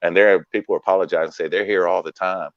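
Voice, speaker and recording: A man's voice: deep voice, steady tone, fast, no room sound, muffled recording. A man telling stage stories in casual chat as a guest comedian, laid-back and acting out quoted lines, heard over a video call.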